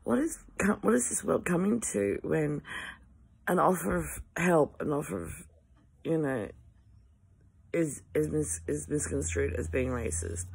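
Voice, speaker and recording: An Australian woman ranting to camera in an exasperated way, sighing often and halting through restarts. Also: deep voice, creaky, darkish tone, slightly rough.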